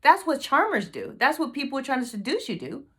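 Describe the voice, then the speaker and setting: A woman's voice: sits high, big pitch swings, a little fast, pushed and bright. A woman hosting a motivational team meeting video, fired up and emphatic, repeating her questions to the group.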